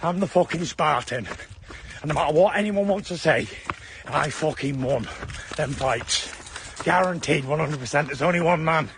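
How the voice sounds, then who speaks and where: A man doing a gravelly boastful boxer. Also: fairly high pitch, normal speed, a little hiss or hum. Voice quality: gravelly, profane, shouting. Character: boastful swearing heavyweight boxer, man, loud. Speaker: impressionist. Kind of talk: comedic impression clip.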